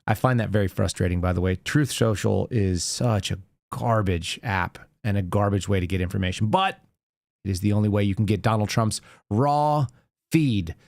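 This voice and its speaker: A man's voice: on the low side, normal speed, gravelly, dry recording. A man hosting a live news commentary show, reading headlines aloud and mocking them with sarcastic asides and chuckles. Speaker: show host.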